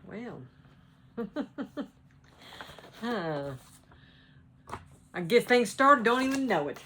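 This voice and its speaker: A woman's voice: a little high, sing-song, extremely slow, sharp tone, a little hiss or hum. A woman with a Southern American accent, chatting casually at home as a cross-stitch vlogger, rambling and laughing often. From North Carolina. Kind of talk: casual chat.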